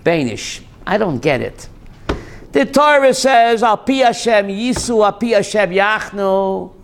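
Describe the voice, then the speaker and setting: A man's voice: high voice, lively intonation, a little slow, creaky. A man, a rabbi, giving a joking Torah class to a live audience and putting questions to them.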